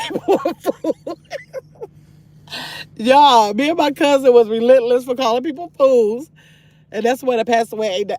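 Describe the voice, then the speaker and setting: An older woman hosting a casual livestream from her phone in a parked car, chatty and excitable, reading comments aloud and turning from sweet to sassy. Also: fairly high pitch. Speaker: livestream host reading chat.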